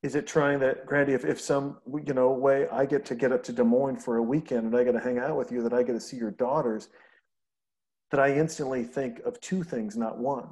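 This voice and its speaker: A man talking casually on a podcast, rambling and animated as he tells stories and swears freely. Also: mid-range voice, a little fast. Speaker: podcast host. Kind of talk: casual conversation.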